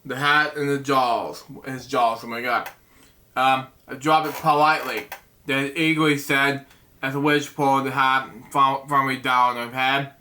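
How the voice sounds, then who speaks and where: A man hosting a bedtime story show, reading a picture book aloud in a halting way, stumbling over words and breaking off with asides. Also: mid-range voice, little pitch movement, pushed and bright. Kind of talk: casual read-aloud with asides.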